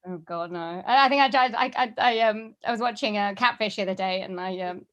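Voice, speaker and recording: A woman's voice: mid-range voice, a little fast, a bit bright, highs cut off. Chatty Welsh woman voiceover artist. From Wales. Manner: chatty, laughs often, many fillers and restarts. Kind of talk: casual interview chat.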